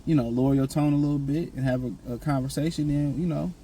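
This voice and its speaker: A man's voice: on the high side, fairly even intonation, fast talker, mellow, a little hiss or hum, poor audio. Blunt man giving casual advice. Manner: blunt, repetitive, slangy. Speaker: vlogger giving dating advice. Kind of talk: casual monologue.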